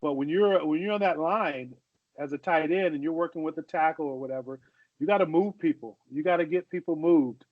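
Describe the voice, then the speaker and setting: A man's voice: a little high, a little fast, dry recording. A man in his forties telling stories in casual podcast chat, often repeating and restarting phrases. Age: 40s. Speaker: podcast co-host, former football player. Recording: dull, dry lo-fi audio.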